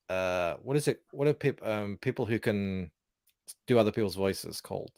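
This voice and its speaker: A man's voice: fairly low pitch, expressive, normal speed, darkish tone, no room sound, studio quality. A man in casual chat, teasing his co-host and telling stories. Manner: teasing, storytelling.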